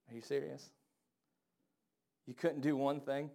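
A married man preaching a sermon, acting out the people he quotes with big jumps in loudness and pitch. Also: moderate pace, long pauses. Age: adult, married. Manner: animated, acts out quoted voices with big swings in pitch and volume.

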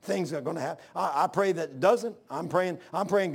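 A man preaching a sermon, swinging between loud exhortation and low hushed asides. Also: brisk, vocal fry, breathy edge. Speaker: pastor.

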